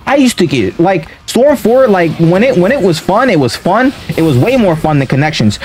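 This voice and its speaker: A man's voice: high voice, sing-song, normal speed, few pauses, a little mellow, slight background noise. Ranting young man trash-talking over gameplay. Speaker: gaming video creator. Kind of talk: angry gameplay commentary.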